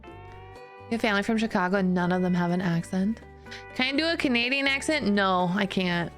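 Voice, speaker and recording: A woman's voice: mid-range voice, normal speed, a bit bright, soft background music. A woman streamer chatting casually with her viewers in a giggly, self-deprecating way, often restarting her sentences.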